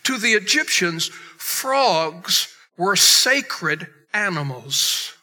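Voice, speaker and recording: Bright, high-pitched preaching man. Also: big pitch swings, drawn-out words. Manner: emphatic preaching, swings between loud and hushed. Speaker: pastor. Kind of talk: sermon.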